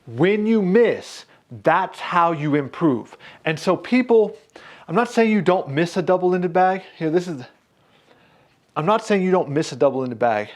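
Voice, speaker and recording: A man demonstrating a punching bag while training, energetic, calling out strikes, a little out of breath. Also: measured pace. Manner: energetic, punctuates moves with 'boom' and 'pop'. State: slightly out of breath. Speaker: fitness instructor. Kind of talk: product demo while training.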